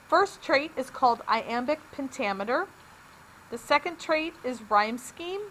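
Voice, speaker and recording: A woman's voice: high-pitched, sharp tone, slight background noise, rough recording. A woman teacher giving a recorded lesson, upbeat and explaining each step plainly.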